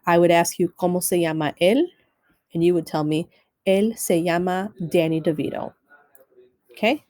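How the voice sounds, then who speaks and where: Female teacher, lowish mellow voice, patient step-by-step video lesson delivery. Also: no echo, poor audio. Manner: step-by-step instructional, repeats keyboard steps. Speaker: Spanish teacher. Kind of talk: recorded screen-share lesson.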